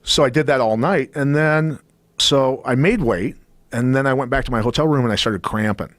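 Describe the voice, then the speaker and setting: This time the middle-aged ex-fighter's voice lands in the mid range, moving at a moderate pace in a dry recording. Chatting casually as a podcast guest, he spins a lively story and performs the quoted lines.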